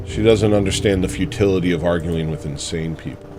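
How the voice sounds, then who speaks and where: A man hosting a satirical livestream, telling stories in a sarcastic, deadpan way from a room at home. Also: low voice, a little fast, music in the background. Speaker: livestream host.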